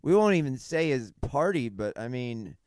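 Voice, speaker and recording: A man's voice: medium pitch, very animated, normal speed, darkish tone, dry recording, studio quality. A man co-hosting a podcast in casual chat, easygoing and joking, laughing often. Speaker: podcast co-host.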